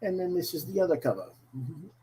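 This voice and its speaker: A male host chatting casually about his week's comic book haul in a deliberately bad, exaggerated put-on Irish accent, with frequent "mm-hmm" fillers. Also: fairly high pitch, very animated, mellow, a little hiss or hum, rough recording.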